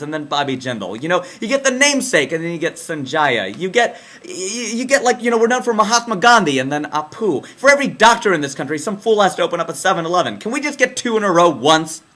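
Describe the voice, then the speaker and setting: A young man doing a casual, slangy comic commentary monologue, jumping between excited bursts and low deadpan asides. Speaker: comedian. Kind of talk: comedic political commentary monologue.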